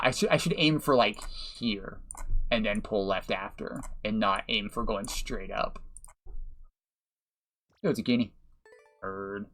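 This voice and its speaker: Fairly low-pitched and a bit bright, this man talks slowly with frequent pauses over soft background music while live-streaming a platform game. His casual commentary is full of swearing at his slip-ups, frequent laughter, and thanks to viewers by name.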